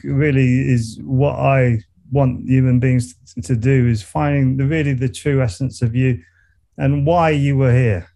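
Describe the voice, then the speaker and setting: In a creaky, dark, medium-pitched voice, a middle-aged Surrey-accented English guest, who works as a meditation coach and musician, rambles reflectively through a casual interview conversation, frequently restarting and laughing.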